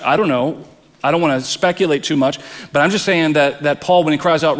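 A man's voice: on the high side, brisk, in a large hall. A man preaching a sermon as pastor, earnest, often repeating words as he presses a point.

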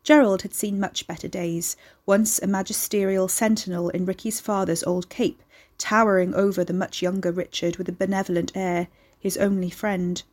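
A woman reading scripted horror story narration in a measured, deliberate way. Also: mid-range voice, level tone, a little mellow.

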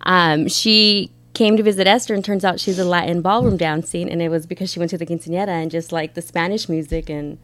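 A woman's voice: on the low side, fairly even intonation, fairly quick, few pauses, a bit bright. Woman telling a rambling story. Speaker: podcast co-host. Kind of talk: casual storytelling.

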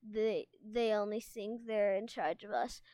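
A woman's voice: medium pitch, measured pace, dark tone, dry recording, studio quality, natural voice. A woman reading aloud, voicing a bold, defiant young female sea dragon who speaks bluntly.

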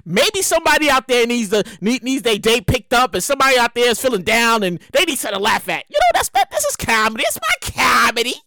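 A woman in her thirties with a New York accent rants into a podcast microphone at home. Her voice sits high and swoops all over the place, with a bright, sharp edge. She gets excitable, repeats herself and now and then breaks into shouting. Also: quick pace, hardly any pauses, no room sound, clean studio sound. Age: 30s. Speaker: podcast host. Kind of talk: comedic podcast monologue. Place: home, seated in a chair.

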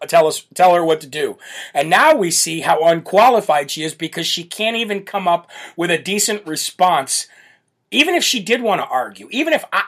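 A man's voice: sits high, fairly bright tone. A man hosting a political talk show, ranting in a brash, sarcastic and mocking way. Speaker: political podcast host.

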